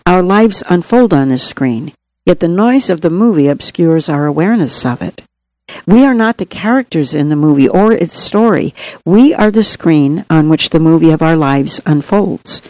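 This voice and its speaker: Spiritual teacher reading an article out loud, calm and measured, mid pitch, dry close sound. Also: no echo, poor audio.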